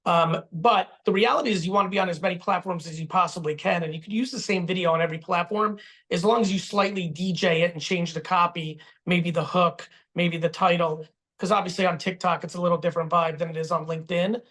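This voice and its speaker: A man's voice: sits high, fairly even intonation, fast talker, a bit bright. A man telling a business story with emphatic, profane energy over a video call. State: getting stitches while talking. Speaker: guest speaker answering questions.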